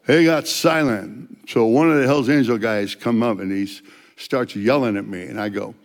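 An older man, a street evangelist, telling testimony stories in an animated way and loudly acting out the dialogue. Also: mid-range voice, moderate pace, long reverb tail. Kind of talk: storytelling testimony.

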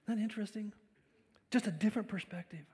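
A male pastor delivering a sermon, swinging between loud emphasis and quiet, reflective passages. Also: high voice, quick pace. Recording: long reverb of a large hall.

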